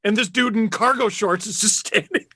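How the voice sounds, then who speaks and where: A man hosting a podcast, telling a story with animated energy, cursing and getting loudly indignant. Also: sits high, moderate pace, husky, no room sound. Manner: animated storyteller, swears, gets loud and indignant. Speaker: podcast host. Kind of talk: casual podcast chat.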